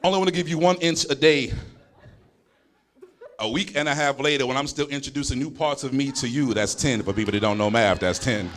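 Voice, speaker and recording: A man's voice: medium pitch, a little fast, a bit bright. A man performing explicit spoken word poetry live on stage, mixing song and banter with the crowd. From Oakland.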